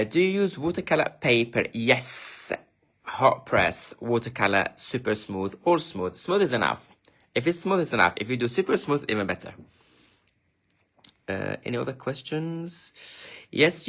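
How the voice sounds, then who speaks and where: A man's voice: mid-range voice, animated, moderate pace, gravelly. A man presenting his craft projects on a casual live stream, chatty and enthusiastic, often restarting sentences and thanking viewers. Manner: reads viewer comments and thanks them warmly.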